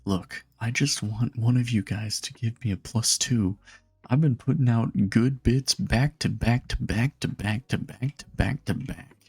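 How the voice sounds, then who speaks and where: A young man streaming live, bantering and joking with his chat in a relaxed, casual way. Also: medium pitch, measured pace, breathy edge, dry recording, faint music behind. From Nebraska, USA.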